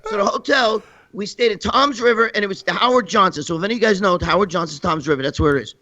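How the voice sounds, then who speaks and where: A man's voice: sits high, quick pace, bright, forceful tone, dull audio. A man telling crude comic stories, profane and rambling, laughing as he goes. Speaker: guest storyteller.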